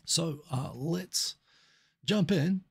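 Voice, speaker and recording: A man's voice: a little high, very slow, vocal fry, breathy edge. A middle-aged man from New Zealand hosting a casual live stream, chatting and reacting to viewer comments as they come in.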